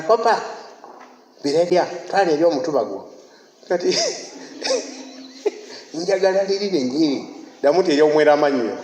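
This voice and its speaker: A man from Uganda preaching a sermon as pastor, animated and emphatic, breaking into laughter and shouts. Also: on the high side. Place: church. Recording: echoey church hall, faint noise.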